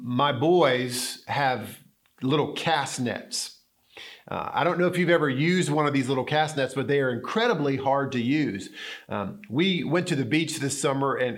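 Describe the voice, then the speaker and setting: A middle-aged male pastor preaching a sermon in an animated way, acting out the scripture quotes with emphasis. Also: mid-range voice.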